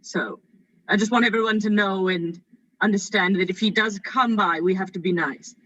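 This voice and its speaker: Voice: mid-range voice, moderate pace, bright, forceful tone, no room sound, dull audio. A performer playing Fred, a vain and needy nephew hosting a party, giggly and rambling, in a drunken improv stage comedy.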